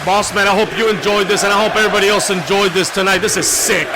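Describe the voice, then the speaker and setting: High-voiced hyped man calling wrestling. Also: steady tone, fast. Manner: hyped, loud, shouting calls. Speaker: play-by-play commentator. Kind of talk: excited wrestling video game commentary. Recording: game music and crowd noise loud behind. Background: video game crowd and music.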